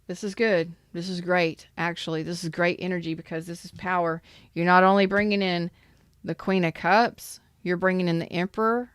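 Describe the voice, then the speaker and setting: A woman's voice: on the low side, clear, resonant tone, no echo, clean studio sound. A woman giving a live tarot reading in a chatty, emphatic way and greeting viewers in the chat. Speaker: tarot reader.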